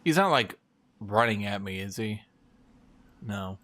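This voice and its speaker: This young streamer plays a strategy game and chats with viewers in an unhurried, lowish voice that is bright, forceful and lively in intonation. His casual commentary is wry, full of sudden exclamations and sentences that trail away.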